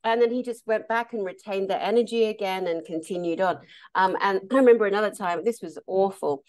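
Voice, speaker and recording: A woman therapist telling stories in a casual conversation, animated and laughing often. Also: medium pitch, a little fast. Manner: animated, laughs often, acts out quoted voices. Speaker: therapist and meditation teacher.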